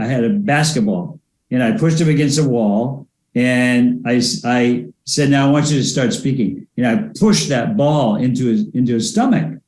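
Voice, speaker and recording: An older man answers interview questions in a measured, anecdotal way, often pausing on fillers. His voice sits at a middle pitch and carries a roomy echo around it. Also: darkish tone. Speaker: guest, former presidential advisor and speech coach.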